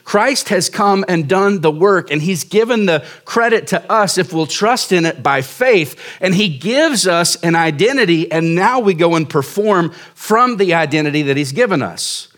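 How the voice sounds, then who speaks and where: A man's voice: sits high, lively intonation, normal speed, hardly any pauses, a bit bright. A man in his forties preaching a sermon as pastor, telling a story casually and making fun of himself. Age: 40s. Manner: casual, self-mocking storytelling.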